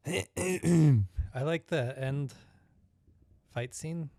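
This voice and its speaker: A man's voice: on the high side, very slow, dark tone, no echo. A man co-hosting a casual movie review podcast, laid-back and playful, laughing often. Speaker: podcast co-host.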